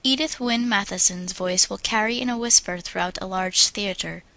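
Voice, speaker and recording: A woman narrates an audiobook on public speaking in a mid-pitched voice. Her reading is measured and instructive, and she draws out vowel sounds in slow practice drills. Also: vocal fry, bright, forceful tone, rough recording.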